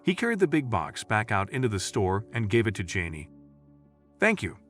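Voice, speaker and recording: A man narrating a scripted story in a lively storytelling way. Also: fairly low pitch, a little fast, faint music behind.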